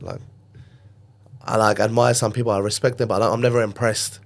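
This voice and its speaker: A man with a London accent, a podcast guest, telling stories from his youth in a casual, animated way and acting out the voices of people he quotes. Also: lowish voice, quick pace, gravelly. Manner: animated storyteller who acts out quoted voices. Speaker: podcast guest, gym owner. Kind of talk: casual storytelling interview.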